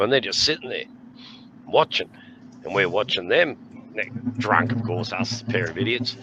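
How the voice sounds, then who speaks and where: A man's voice: on the low side, lively intonation, normal speed, long pauses, lo-fi sound, background noise. An Australian man in his sixties telling rowdy stories in casual chat, laughing often and swearing freely. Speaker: podcast host.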